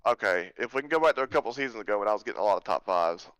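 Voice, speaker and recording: Fast-talking man in casual chat. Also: lowish voice, animated, a bit bright, clear, resonant tone, dry recording, rough recording. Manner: fast, talkative, joking.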